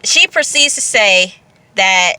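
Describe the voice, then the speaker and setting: A woman talking through a TV episode in an unscripted casual recap, expressive and repetitive, laughing at times. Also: medium pitch, slow, clean tone, dry recording. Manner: expressive, repeats phrases, breaks into laughs. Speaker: TV review vlogger.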